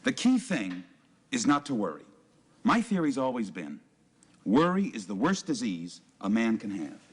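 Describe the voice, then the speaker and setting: An actor playing an evasive hospital doctor in a television comedy, talking hesitantly in clinical terms. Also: male voice, fairly low pitch, wildly swooping pitch, normal speed, slightly rough, exaggerated voice. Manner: hesitant, clinical, full of fillers.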